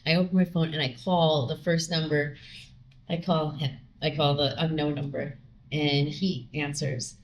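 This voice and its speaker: A woman with a voice on the low side for her sex tells a personal story to a host. She is animated and acts out the voices of the people in it. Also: a little slow, a little hiss or hum. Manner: animated, acts out quoted dialogue. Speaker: podcast guest; singer with a record contract.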